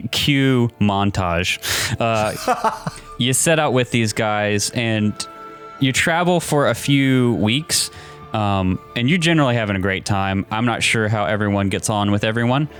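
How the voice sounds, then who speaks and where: A man in a fairly low register runs a tabletop session. He describes the scenes loosely and talks in a meandering, unhurried way. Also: soft background music. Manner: relaxed, rambling with many fillers. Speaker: game master. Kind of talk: narrating a tabletop game.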